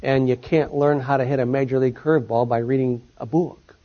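A man's voice: mid-range voice, fairly even intonation, fairly quick. A man giving a lecture and taking audience questions, his voice dropping at the end of sentences and rising on key points. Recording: dull lo-fi recording.

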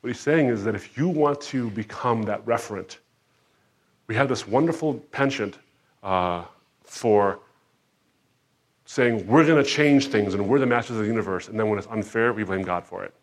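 A man preaching a sermon, moving from quiet reflection to loud, emphatic outbursts and acting out quoted voices. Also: fairly low pitch, moderate pace. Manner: dramatic, swings between soft reflection and loud emphatic outbursts.

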